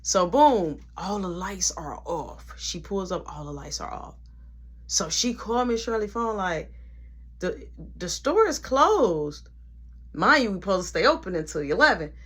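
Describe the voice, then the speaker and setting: A man telling a casual storytime story, animated and conversational, with frequent asides. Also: high voice, moderate pace, slightly rough.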